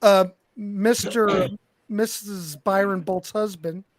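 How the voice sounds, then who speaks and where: A male host leads a casual panel chat at an unhurried pace. He teases his guests and laughs easily. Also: high-pitched, steady tone, a crowd in the background.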